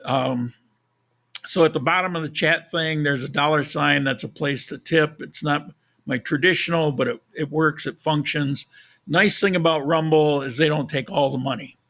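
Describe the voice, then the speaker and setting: Man, hoarse froggy voice, gravelly, slightly high, casual live podcast host, rambling. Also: moderate pace, a bit bright. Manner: rambling, self-correcting, chuckles at own jokes. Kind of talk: casual live-stream chat.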